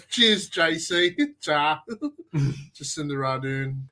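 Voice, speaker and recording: A giggly man with a New Zealand accent trades slow, drawn-out quips while watching a rugby game. His voice is fairly high, bright and sharp. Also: expressive. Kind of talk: casual joking banter.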